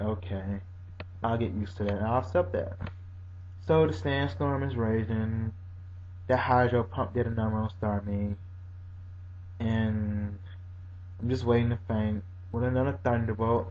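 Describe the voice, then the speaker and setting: A man talks through a video game match in a loose, chatty way, breaking into startled exclamations as it plays out. His voice sits in an ordinary middle pitch. The recording is dull and lo-fi, with a faint hum underneath. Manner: animated, reacts with exclamations. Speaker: gaming commentator. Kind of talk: casual battle commentary.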